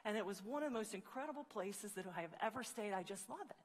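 A woman doing a hushed, thrilled traveler. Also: medium pitch, expressive, fast, husky. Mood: awed. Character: excited woman traveler, a salon client. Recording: long reverb of a large hall.

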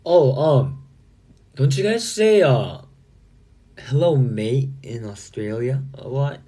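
Guy doing a chill livestream, answering fan comments, husky mellow voice. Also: mid-range voice, slow pace. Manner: relaxed, reads and answers viewer comments. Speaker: livestream host. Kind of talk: casual livestream chat with fans.

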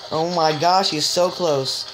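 A woman giving joking, excitable let's-play commentary, chatting straight to viewers and letting out sudden high yelps. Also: takes it slowly, poor audio. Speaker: gamer. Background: game music.

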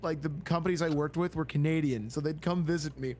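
A man's voice: fairly high pitch, fast, darkish tone. A man who moderates chat on a live stream, talking casually and telling jokey stories. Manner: chatty, joking storyteller.

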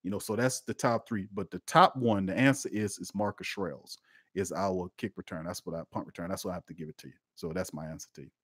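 A man, hosting a live-streamed sports talk show and chatting with his viewers, swinging between loud outbursts and quiet asides. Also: low voice, fast talker, slightly rough, no room sound, clean studio sound. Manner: lively and conversational, talks to chat, swings from loud to quiet.

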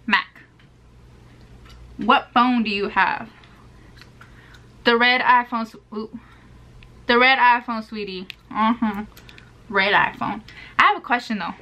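Woman, 21, sassy, chatty, gum-chewing, bright voice, a little high. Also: slow pace, long pauses, highs cut off. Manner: chatty, sassy, playful asides to viewers; chewing gum while talking. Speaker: beauty vlogger. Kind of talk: casual get-to-know-me vlog.

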